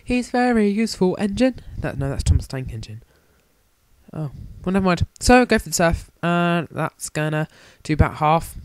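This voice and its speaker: A man's voice: fairly high pitch, moderate pace, smooth, dry recording. A young man giving jokey, rambling, self-mocking commentary on a handheld game he is playing. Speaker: let's play commentator.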